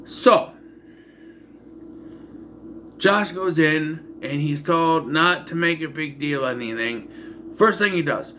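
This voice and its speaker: A man with a higher, sharp-toned voice speaks slowly and pauses often, with a little hiss or hum in the background. As a movie reviewer, he casually rambles through a horror film's plot, loosely retelling it with frequent asides and fillers and dry, exasperated comments on its plot holes.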